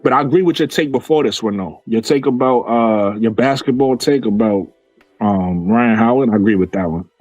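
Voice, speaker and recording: Male streamer, mid-pitch, argumentative and repetitive, dry close sound, faint music under. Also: moderate pace, darkish tone, dry recording, highs cut off. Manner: argumentative, repeats himself, answers chat comments. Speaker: basketball commentary streamer. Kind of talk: casual livestream commentary.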